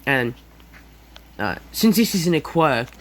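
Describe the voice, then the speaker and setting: A man's voice: on the high side, big pitch swings, takes it slowly, fairly bright tone, a little hiss or hum, low-quality recording. Hesitant man improvising a story. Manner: hesitant, many fillers and self-corrections. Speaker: fan storyteller. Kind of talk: improvised fan fiction narration.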